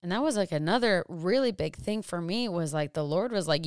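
A young woman giving a casual faith talk, animated, full of rhetorical questions and self-deprecating asides. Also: fairly low pitch, a little fast, clear, resonant tone, dry recording, clean studio sound. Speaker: Christian vlogger and small business owner.

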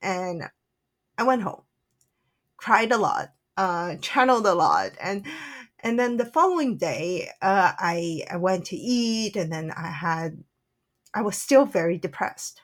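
Slow-speaking earnest woman storyteller. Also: on the low side, big pitch swings. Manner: soft and earnest, with frequent "like" fillers. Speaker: spiritual channeler and author. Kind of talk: personal reflective storytelling.

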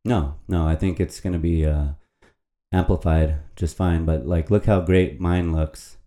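A man's voice: deep voice, steady tone, a little slow, dark tone. A man hosting a casual podcast into a microphone at a computer, reading a poem and rambling in a playful, profane way. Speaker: podcast host.

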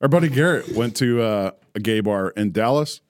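A man's voice: on the low side, expressive, normal speed, a little hiss or hum. A man hosting a podcast, talking in joking, rambling banter. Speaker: podcast host. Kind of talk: casual chat.

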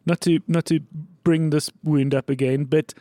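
Higher-voiced male host asking questions. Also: fairly even intonation, normal speed, mellow, dry recording, studio quality. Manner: brief encouraging interjections. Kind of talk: casual interview.

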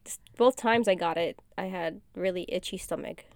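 Soft-spoken young woman, close and dry. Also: moderate pace, no room sound. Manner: soft-spoken, quiet and low-key, often trailing off. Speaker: podcast co-host. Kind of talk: casual chat.

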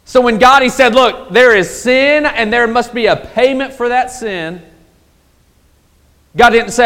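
High-voiced preacher in a reverberant hall. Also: male voice. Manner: preaches with sweeping swings between loud emphasis and low, drawn-out phrases. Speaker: pastor. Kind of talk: sermon.

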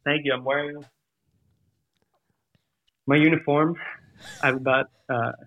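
A man calling in as a guest, chatting casually with dry, deadpan jokes. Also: on the high side, measured pace, dry recording. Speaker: guest caller. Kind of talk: casual chat. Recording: tinny phone-like call audio.

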